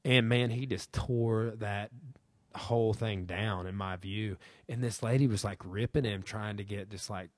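A man's voice: lowish voice, fairly even intonation, measured pace, dry recording. A young man hosting a podcast, talking in a rambling way with lots of fillers and swearing. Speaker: podcast host. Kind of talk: casual chat.

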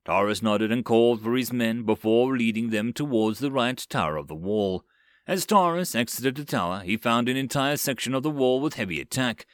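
A man narrating a web novel audiobook with expressive storytelling. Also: medium pitch, moderate pace, no room sound, clean studio sound.

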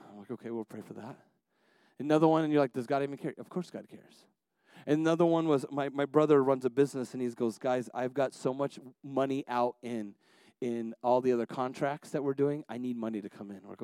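A medium-pitched, steady-toned pastor preaches at a quick pace in a dry recording. He recounts family stories, restarting often, and shifts from soft asides to rising, impassioned appeals.

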